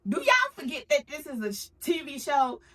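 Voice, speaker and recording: A woman's voice: sits high, sing-song, moderate pace, fairly bright tone. A woman giving a casual TV recap, acting out the cast's lines with big swings in her voice. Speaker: recap vlogger.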